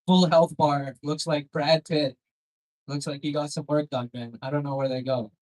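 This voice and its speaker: Young man, stand-up comic, slightly high voice, crude rambling jokes, crowd work, club stage mic. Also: fairly even intonation, moderate pace, a little mellow, rough recording. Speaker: stand-up comedian. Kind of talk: stand-up set.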